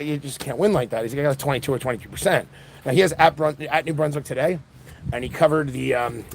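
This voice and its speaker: An exhausted man around forty rushes through a rambling monologue, his voice gravelly and low-edged. He jumps between thoughts, restarts sentences and piles on fillers. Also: slight background noise. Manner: fast, scattered, many restarts and fillers. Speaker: independent political livestreamer. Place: outdoor punk festival.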